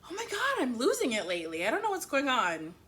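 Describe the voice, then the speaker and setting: A woman's voice: high voice, wildly swooping pitch, fast, a bit bright, a little hiss or hum. A woman chatting casually as a book reviewer, rambling and breaking off mid-sentence, often laughing. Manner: rambling, chatty, self-interrupting; laughs easily. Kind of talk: casual chat.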